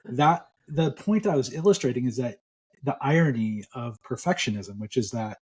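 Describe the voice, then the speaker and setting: Man, middle-aged, psychologist guest, husky voice, podcast interview, relaxed explaining. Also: medium pitch, normal speed.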